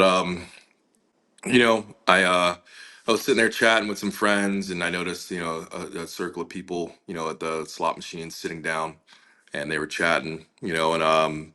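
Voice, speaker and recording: Interview guest, male, deep but bright voice, loose storyteller with lots of "you know". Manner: casual, many fillers, acts out quoted dialogue. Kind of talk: conversational storytelling.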